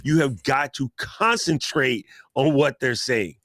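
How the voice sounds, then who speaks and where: A man's voice: medium pitch, unhurried, a bit bright, no room sound, studio quality. A man chatting casually on a live stream, joking and laughing often as he talks about teaching and being yourself. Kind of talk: casual chat.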